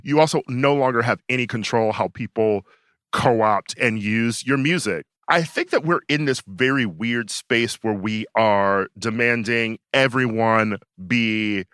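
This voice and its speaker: A man's voice: lowish voice, a bit bright, dry recording, studio quality. A man co-hosting a podcast in casual chat, opinionated and talking in long runs with many fillers and restarts. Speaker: podcast co-host.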